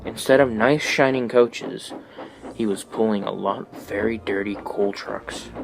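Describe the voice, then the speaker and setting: A man narrating a children's storybook aloud with an expressive reading. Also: lowish voice, a little slow, vocal fry, noisy background.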